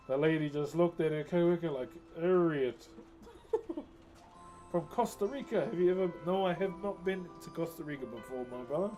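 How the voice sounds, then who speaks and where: A man's voice: a little high, lively intonation, quick pace, few pauses, warm tone, soft background music. A man, chatting casually with viewers on a live stream and telling jokey stories, laughing often. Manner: laid-back, jokey storytelling with frequent laughs.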